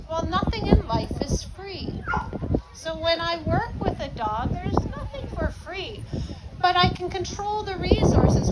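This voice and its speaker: High-voiced woman, calm and confident, noisy. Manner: calm, confident explaining with acted-out asides to dogs. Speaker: dog trainer. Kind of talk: talk at a live event. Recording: loud background noise.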